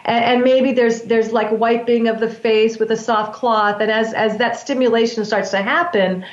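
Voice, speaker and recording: A woman's voice: a little high, steady tone, moderate pace. Earnest woman explaining breath work. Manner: earnest, explanatory, with frequent restarts. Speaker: breath work practitioner, guest. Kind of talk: explanatory interview talk. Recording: echoey, dull lo-fi sound.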